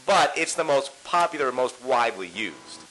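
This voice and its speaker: A man co-hosting a casual podcast, arguing his point calmly and often stumbling over the first words of a sentence. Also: mid-range voice, poor audio. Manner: measured, plays devil's advocate, stammers on starts. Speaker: podcast co-host.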